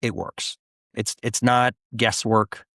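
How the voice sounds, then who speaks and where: A middle-aged man telling his career story as a guest in a casual interview, animated and full of restarts. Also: mid-range voice, slow pace, gravelly, no echo, clean studio sound. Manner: animated, restarts often, acts out quoted voices. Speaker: guest, business founder.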